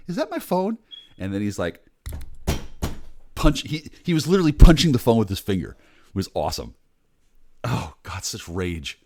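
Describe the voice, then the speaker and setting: A man in his forties, rambling in a bitter, sardonic, heavily profane monologue, muttering low and then bursting out loud. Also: a little hiss or hum. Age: 40s. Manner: bitter, sardonic, swears a lot. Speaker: vlogger.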